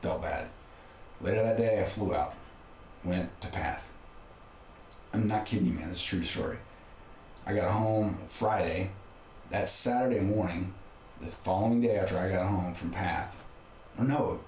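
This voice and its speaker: Middle-aged man, very low voice, roomy sound, candid storyteller for an interview spot. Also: normal speed, darkish tone. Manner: candid, conversational, frequent restarts. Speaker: podcast guest. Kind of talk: casual personal storytelling. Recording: roomy room with faint background noise.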